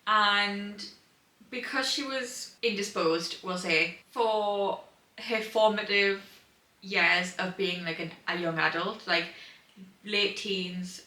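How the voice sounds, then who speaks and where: A young woman chatting casually on a reading vlog at home, gushing and excitable, with many fillers. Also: mid-range voice, slow pace. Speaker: book vlogger. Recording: roomy sound from a distant mic.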